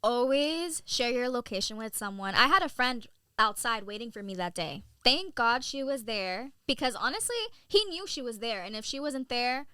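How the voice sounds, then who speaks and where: A young woman in her twenties, a model and content creator, telling stories in an animated, casual way with lots of "like"s. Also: fairly high pitch, clean tone, dry recording, clean studio sound. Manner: animated storyteller, many "like"s and quick laughs. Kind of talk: casual interview chat.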